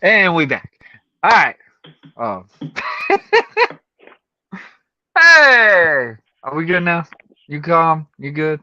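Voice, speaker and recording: A man's voice: a little high, sing-song, extremely slow, long pauses, pushed and bright, no room sound. A male podcast host talking candidly in loose, run-on sentences during a casual chat. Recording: dull lo-fi recording.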